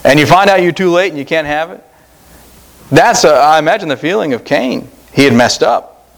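Earnest preacher man, slightly high voice. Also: normal speed, gravelly. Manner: earnest preaching with emphatic rises and repeated phrases. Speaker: pastor. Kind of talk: sermon. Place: church service.

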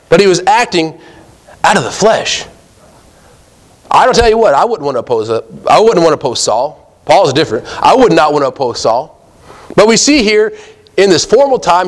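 Man preaching a casual, emphatic sermon. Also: fairly high pitch. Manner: conversational preaching with rising emphatic questions; addresses listeners as guys, reads scripture aloud.

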